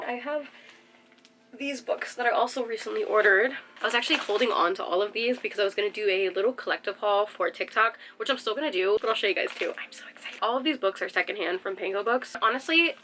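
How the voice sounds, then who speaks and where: A woman's voice: mid-range voice, sharp tone, a little hiss or hum, poor audio. A young woman chatting casually as a book vlogger, gushing and rambling with lots of fillers. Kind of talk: casual chat.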